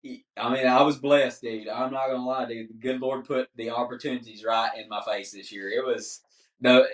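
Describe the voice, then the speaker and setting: A man, telling stories as a guest in casual podcast chat, animated and laughing often. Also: medium pitch, moderate pace. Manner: animated, laughs often, says "dude" a lot. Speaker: guest hunter. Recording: roomy, distant mic.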